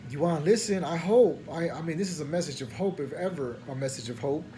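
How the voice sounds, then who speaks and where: A high-pitched man with a drawl rambles and vents in the small hours, stammering through restarts with a frustrated, slangy edge. Faint room ambience sits behind him. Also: fast, warm tone, slight background noise. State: tired at night. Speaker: preacher. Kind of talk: late-night rambling vent.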